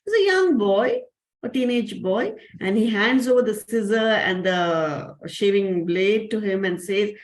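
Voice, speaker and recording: A woman's voice: medium pitch, unhurried, reverberant, poor audio. A woman with an Indian English accent telling a story, acting out the characters' voices as she narrates. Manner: animated, acts out voices of the characters. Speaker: storyteller and spiritual teacher. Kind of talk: storytelling to children in an online session.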